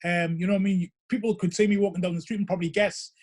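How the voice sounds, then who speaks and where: Man, middle-aged, high-pitched, rambling, filler-heavy casual talk. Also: fairly even intonation, rapid-fire, darkish tone. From Northeast England. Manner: rambling, storytelling with many fillers. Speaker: guest, vinyl DJ. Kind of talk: casual chat.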